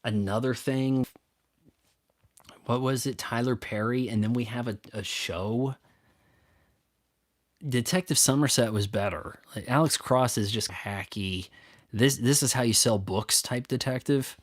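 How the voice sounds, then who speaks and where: A man's voice: medium pitch, measured pace, long pauses, no echo, clean studio sound. A man hosting a casual solo chat, rambling and stop-start with sarcastic asides. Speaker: youtube host. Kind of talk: casual solo chat answering viewer questions.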